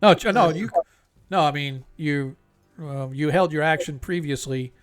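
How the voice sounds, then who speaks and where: A man's voice: fairly high pitch, normal speed, soft background music. A man running a tabletop role-playing game as game master, easygoing and rambling with frequent fillers, over an online voice call.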